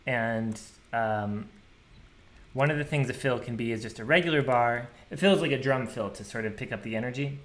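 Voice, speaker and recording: A man walking through a program he wrote, thinking aloud in a relaxed, casual way and scatting drum rhythms. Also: medium pitch, moderate pace. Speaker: programmer demonstrating his software. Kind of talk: casual screen-share tutorial.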